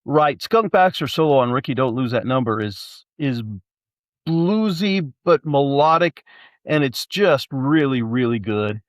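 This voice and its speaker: A man's voice: mid-range voice, lively intonation, a little slow, dry recording, studio quality. Rambling man, hesitant casual talk. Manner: rambling, hesitant, many fillers and restarts. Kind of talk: casual chat.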